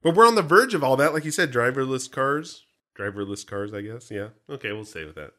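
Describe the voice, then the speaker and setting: A man's voice: mid-range voice, fairly quick. A man co-hosting a podcast in casual chat, joking and poking fun at himself. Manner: joking, self-mocking, animated. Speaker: podcast co-host.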